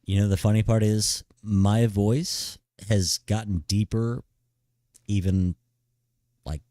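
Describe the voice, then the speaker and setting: A man's voice: on the low side, steady tone, slow, dark tone, no room sound, clean studio sound. A middle-aged man streaming live, giving blunt, profane big-brother advice in a laid-back way and saying "dude" constantly. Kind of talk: casual live-stream chat.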